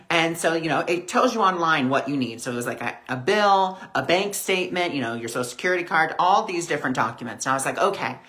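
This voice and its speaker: Low-pitched, bright and forceful, this spiritual teacher's voice carries her weekly spiritual discussion. She talks in a conversational way and performs the voices of characters in her stories.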